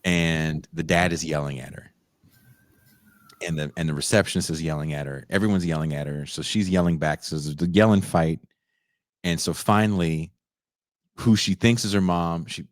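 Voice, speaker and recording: A man hosting a podcast, recapping a movie as an excitable storyteller who laughs often and bursts into high exclamations. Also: no room sound, clean studio sound. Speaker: podcast host.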